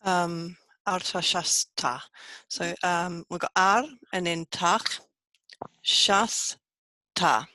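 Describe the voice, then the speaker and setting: A woman student in an online class, reading aloud slowly and carefully with some hesitation, over a video call. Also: on the low side, steady tone, bright, forceful tone, dry recording.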